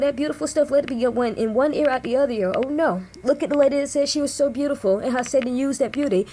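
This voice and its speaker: A woman with a fairly high but dark, mellow voice retells a story to her online viewers in a loose, rambling way, full of restarts and direct asides. A faint hiss of noise sits under the recording. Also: quick pace. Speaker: online discussion host. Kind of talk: casual spoken retelling of a book.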